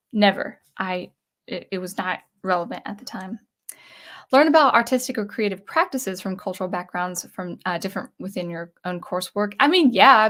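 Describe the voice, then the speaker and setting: A woman's voice: mid-range voice, a bit bright. A young adult woman, a composer, thinking aloud in a casual talk to camera, with frequent restarts. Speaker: composer vlogger.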